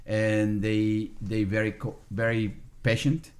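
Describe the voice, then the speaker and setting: A man speaking as a podcast guest in a casual interview, often halting and restarting his sentences. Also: fairly low pitch, little pitch movement, darkish tone.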